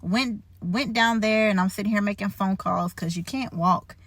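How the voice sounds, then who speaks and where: A young woman shares a personal story in a casual vlog, chatty and animated, laughing and emotional between fillers. Her voice sits at an ordinary pitch and sounds dry and close, with no room around it. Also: normal speed, dry recording. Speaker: faith vlogger.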